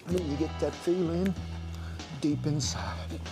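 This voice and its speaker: A man's voice: a little high, fairly even intonation, slow pace, over music. Folksy man hosting a cooking show. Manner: folksy, drawling, calls people sugar.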